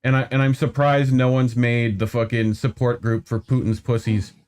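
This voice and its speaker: A man in a middle-pitched voice hosts a loose, casual chat. He rambles, swears a lot and keeps filling gaps with "like" and "you know.". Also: flat delivery, moderate pace, darkish tone, smooth. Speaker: podcast host.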